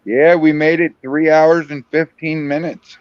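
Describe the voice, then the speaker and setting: A man's voice: fairly high pitch, fairly even intonation, unhurried, muffled recording, slight background noise. A man co-hosting a podcast, telling a joking story in casual chat. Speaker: podcast co-host.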